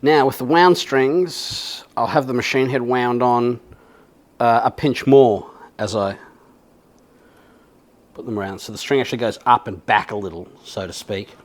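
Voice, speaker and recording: A man's voice: mid-range voice, a little slow. A man with an Australian accent chatting casually and rambling as he restrings a guitar, self-mocking and swearing now and then. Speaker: vlogger.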